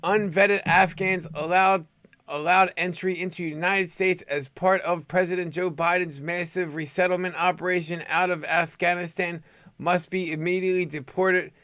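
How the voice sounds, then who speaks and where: A man's voice: high voice, fairly even intonation, normal speed, pushed and bright, dry recording. Sarcastic man hosting homemade news. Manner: sarcastic, rambling. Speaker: host. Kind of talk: opinionated news commentary.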